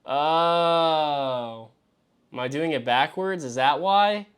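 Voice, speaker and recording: A man hosting a live stream as he works through a mock draft, talking to himself and swearing freely. He swings between exasperated yelps and low mutters. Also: takes it slowly, fairly bright tone, smooth. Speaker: fantasy football show host. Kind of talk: live-streamed solo commentary.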